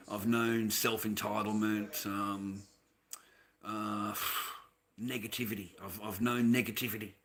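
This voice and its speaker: A man's voice: medium pitch, bright, forceful tone. A middle-aged man with an Australian accent, ranting bluntly and profanely on his livestream, often restarting his sentences. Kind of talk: casual livestream rant.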